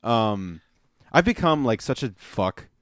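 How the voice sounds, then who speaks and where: A man hosting a podcast, chatting casually in a rambling, excitable, profane way. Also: medium pitch, takes it slowly, dry recording, clean studio sound. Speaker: podcast host. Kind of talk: casual chat.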